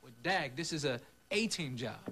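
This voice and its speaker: A man's voice: a little high, expressive, moderate pace, sharp tone. An actor playing an easygoing male Secret Service agent with a casual, friendly manner.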